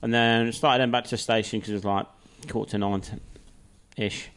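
A man's voice: fairly low pitch, steady tone, moderate pace, fairly bright tone, smooth. A young man co-hosting a podcast, telling a night-out story with laughter and banter. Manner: laddish storytelling, laughs often. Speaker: podcast co-host. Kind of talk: casual chat.

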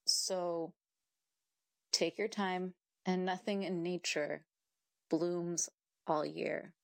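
Lively young woman, low-pitched and laughing. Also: gravelly, no echo, clean studio sound. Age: young adult. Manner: animated storyteller who laughs often and acts out her own thoughts. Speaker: podcast guest. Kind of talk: casual conversational interview.

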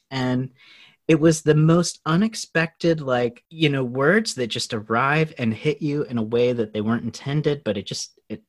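Male guest, animated storyteller, laughs often, acts out quotes. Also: mid-range voice, unhurried. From United States. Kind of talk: casual storytelling interview.

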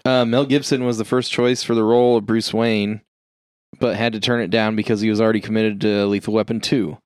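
A man's voice: on the low side, flat delivery, brisk, darkish tone, smooth, no echo. Podcast co-host, male, casual trivia reader, salty language, dry sound. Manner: reads trivia aloud, swears and laughs often. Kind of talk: casual chat.

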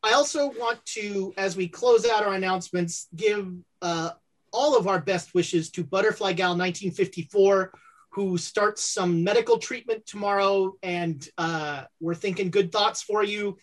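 A woman's voice: medium pitch, a little slow. A woman hosting and running a tabletop game, making casual announcements and jokes. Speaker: game master and show host.

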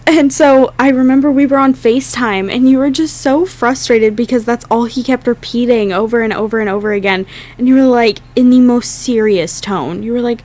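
Young woman, podcast co-host, casual and profane, quick to laugh; slightly high voice. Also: darkish tone. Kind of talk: casual chat.

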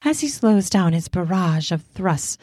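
A woman narrating an adult romance story in a slow, intimate reading. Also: on the low side, lively intonation, a little mellow, dry recording, clean studio sound. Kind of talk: scripted erotic story narration.

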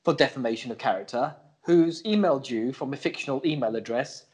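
A man's voice: mid-range voice, fairly quick, slightly rough. A man co-hosting a comedy podcast, teasing his partner and reading out scripted jokes. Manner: lively, teasing, reads scripted jokes aloud. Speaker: podcast co-host. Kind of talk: bickering comedy podcast banter.

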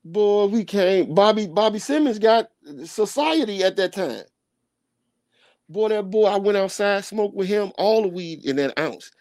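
A middle-aged man telling a personal story on a podcast in animated street slang, sometimes scatting sound effects. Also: high-pitched, measured pace, no echo. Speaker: podcast guest. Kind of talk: casual storytelling.

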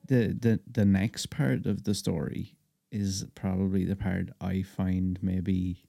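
A man's voice: low-pitched, level tone, slow pace, vocal fry, dark tone, no room sound, clean studio sound. A man co-hosting a podcast, talking loosely with lots of fillers and swearing. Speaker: podcast co-host. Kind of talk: casual chat.

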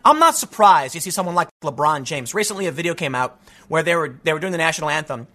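A man's voice: on the high side, lively intonation, fast, sharp tone. A man delivering a sarcastic, ranting opinion monologue as a commentary host.

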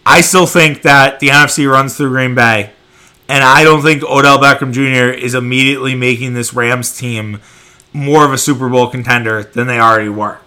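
A man's voice: mid-range voice, steady tone, normal speed, bright, forceful tone, smooth. A man hosting a sports podcast, giving emphatic, opinionated commentary and swearing freely.

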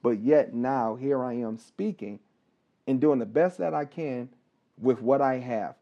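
A man, a licensed counselor, telling a personal story on a podcast, talking haltingly with pauses, restarts and repeated words. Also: medium pitch. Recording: dull, slightly lo-fi recording.

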